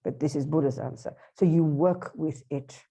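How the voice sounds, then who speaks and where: A woman teaching Buddhism at a workshop, lively, acting out inner voices and asking her listeners questions. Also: low-pitched, moderate pace.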